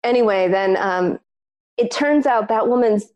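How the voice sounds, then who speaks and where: A woman co-hosting a podcast, telling a personal story in casual chat, lively and peppered with "like", acting out what others said. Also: mid-range voice, a little slow. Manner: animated, acts out other people's lines in the story; frequent filler "like". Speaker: podcast co-host.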